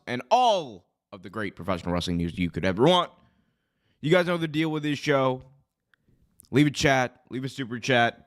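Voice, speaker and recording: A young man who is hoarse from being sick, hosting a live wrestling commentary stream in a chatty, rambling way that often corrects itself. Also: mid-range voice. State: hoarse, recovering from illness. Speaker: wrestling show host.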